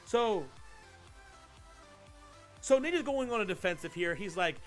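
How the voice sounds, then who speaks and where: A man hosting a casual live-streamed podcast, telling a story in an animated, rambling way and swearing freely. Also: high-pitched, a little slow, long pauses, faint music behind. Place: home streaming setup. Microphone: desk mic while streaming live.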